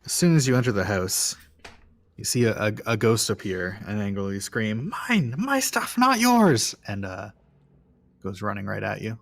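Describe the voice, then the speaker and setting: A man's voice: fairly low pitch, steady tone, moderate pace, vocal fry. A young man narrating as game master, describing scenes with many ums and restarts. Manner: hesitant, filler-heavy narration.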